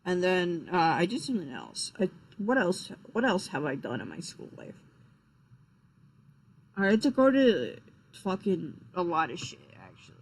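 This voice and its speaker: A man's voice: sits high, very animated, moderate pace, rough recording. A young man chatting casually on a live stream, rambling and swearing, with lots of fillers and restarts, sounding tired. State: tired, yawning.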